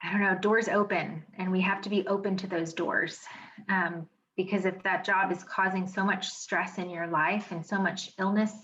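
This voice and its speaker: A chatty woman teaching a wellness seminar from home, talking emphatically and filling pauses with "um" and "you know". Her voice sits at an everyday middle pitch. The recording is a little dull and muffled. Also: fairly bright tone. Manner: chatty, emphatic, frequent fillers. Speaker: wellness educator. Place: home office.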